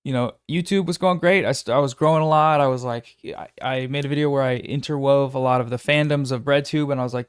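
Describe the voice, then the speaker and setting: A young man, a guest in a casual chat, speaking haltingly with many fillers and restarts. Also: medium pitch, smooth, no echo, studio quality. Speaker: guest YouTuber.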